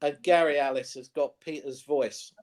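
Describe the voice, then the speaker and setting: A man co-hosting a sports chat show, telling anecdotes in a lively, casual way. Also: a little high, moderate pace. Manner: animated anecdote-telling, mimics voices in quotes. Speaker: co-host. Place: studio.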